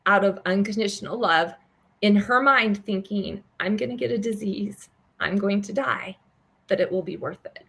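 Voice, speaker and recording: A woman's voice: medium pitch, creaky. Older woman telling an emotional story. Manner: animated, acts out quoted dialogue. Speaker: guest, charity founder. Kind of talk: storytelling in an interview.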